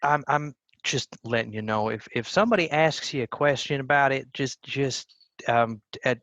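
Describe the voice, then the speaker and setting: A man's voice: mid-range voice, fairly bright tone, no room sound. Stammering man player, dull lo-fi sound. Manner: halting, stammering, polite. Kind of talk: playing a half-orc protector in a tabletop game. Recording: dull lo-fi audio.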